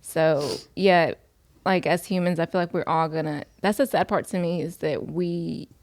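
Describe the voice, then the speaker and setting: Woman co-host, lower voice, soft, reflective, hesitant. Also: moderate pace. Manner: soft-spoken, thoughtful, hesitant. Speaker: podcast co-host. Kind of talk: casual faith-based chat.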